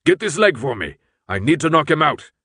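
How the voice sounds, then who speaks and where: A man voicing a gruff, commanding older man who barks urgent orders. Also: lowish voice, lively intonation, fairly quick, no echo, clean studio sound.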